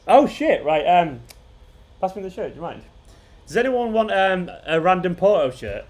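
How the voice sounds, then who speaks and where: This football fan channel host has a high, darkish voice and speaks at a moderate pace with a lot of animation. During his casual live watchalong, he rambles, laughs under his breath, and keeps starting sentences over.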